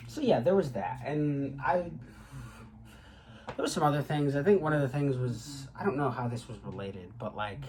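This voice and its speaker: A man's voice: mid-range voice, expressive, normal speed, darkish tone, slight background noise, rough recording. A young man in his twenties, a graduate student, talking to the camera in a rambling casual vlog with lots of fillers and swearing. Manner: rambling, with frequent fillers and profanity.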